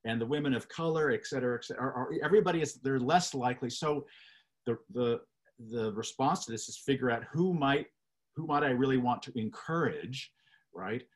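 Guy on a webinar panel over a video call, lively explainer, keeps tossing in "right?", mid-pitched voice. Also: a little fast.

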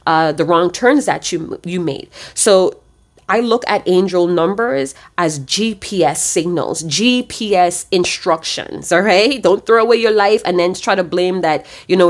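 A woman giving a casual tarot reading to her viewers, chatty and blunt, swearing freely and rambling with asides. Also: on the low side. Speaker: tarot reader.

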